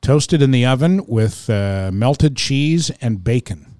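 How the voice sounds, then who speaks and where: A man's voice: mid-range voice, lively intonation, slow, darkish tone, dry recording. A middle-aged man chats on his podcast. His voice swings up and down a lot as he tells stories. He acts out the people he quotes, and his voice sounds close and dry. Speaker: podcast co-host. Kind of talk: casual chat.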